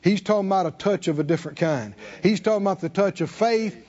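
In a church sanctuary, a man preaches a sermon in animated call-and-response style, calling on the congregation to answer back. His voice is high-pitched and quick, and the sound is lo-fi.

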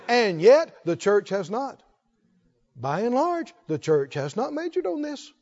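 A man's voice: very high-pitched, very animated, unhurried, a little mellow. A man preaching a sermon, repeating key phrases and calling on the congregation to say them with him. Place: church hall. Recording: dull echoey church recording.

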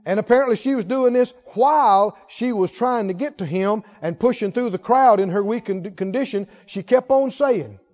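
A man's voice: high voice, normal speed, hardly any pauses, a little mellow. A man preaching a sermon in a church, pressing the congregation with rhetorical questions and emphatic repetition. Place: church sanctuary. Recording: dull sound with long church reverb.

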